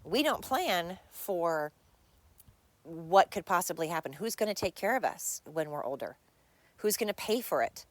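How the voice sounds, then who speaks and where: A woman's voice: lowish voice, very animated, unhurried, no room sound. Blunt rambling woman podcaster, dry close sound. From United States. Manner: blunt, rambling, candid with swearing. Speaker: podcast host. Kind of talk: casual solo podcast monologue.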